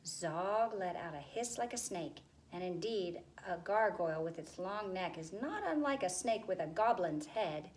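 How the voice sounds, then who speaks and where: A woman reading a children's chapter book aloud in a steady, expressive way. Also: lowish voice, a little slow, hardly any pauses, poor audio. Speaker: narrator.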